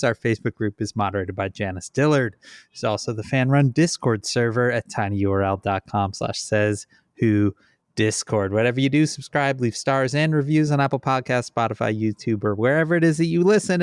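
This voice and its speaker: A man co-hosting a comedy podcast, talking in a dry, deadpan, unbothered way. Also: mid-range voice, clear, resonant tone, no echo. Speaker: podcast co-host. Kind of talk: casual comedic chat. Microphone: studio headphones and mic.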